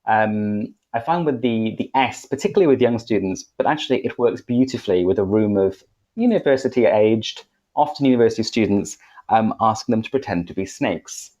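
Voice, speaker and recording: A low-pitched Welsh man talks casually on a podcast about teaching. He rambles and corrects himself as he goes. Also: animated, brisk, dark tone, rough recording. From Wales. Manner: rambling, self-correcting, chatty. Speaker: podcast co-host, English teacher.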